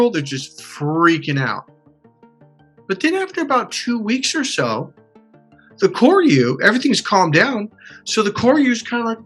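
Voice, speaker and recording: A man coaching a client in an animated way, acting out quotes and swearing casually. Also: fairly high pitch, normal speed, breathy edge, faint music behind. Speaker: life coach. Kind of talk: coaching session.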